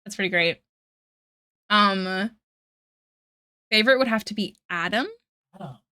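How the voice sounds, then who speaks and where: Unhurried and sharp-toned, this medium-pitched woman in her thirties livestreams as she draws. She rambles in casual chat, laughs a lot, and does put-on voices for meme quotes, all recorded at studio quality with no room sound.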